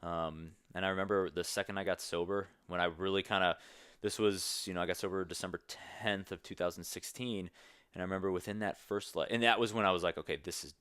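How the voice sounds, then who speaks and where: A man's voice: low-pitched, steady tone, fast, a bit bright, clear, resonant tone, no room sound, studio quality. A young man talking candidly as a podcast guest, earnest and rambling with many restarts. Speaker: podcast guest, strength coach. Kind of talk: candid conversational interview.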